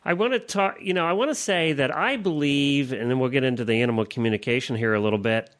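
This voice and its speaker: Man, podcast host, casual chat, easygoing, halting restarts, mid pitch. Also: fairly bright tone. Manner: easygoing, laughs often, hesitant restarts. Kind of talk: casual interview talk.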